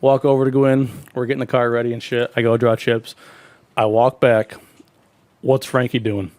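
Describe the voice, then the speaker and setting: A man's voice: medium pitch, level tone, moderate pace, a little mellow, dry recording. A man co-hosting a casual podcast, telling rambling, profane stories and laughing through them. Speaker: podcast co-host. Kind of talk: casual storytelling chat.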